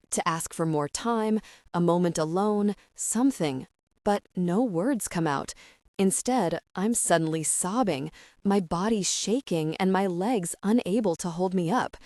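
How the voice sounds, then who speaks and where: A woman narrating a first-person romance audiobook in a steady, even reading voice. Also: fairly low pitch, no echo, clean studio sound.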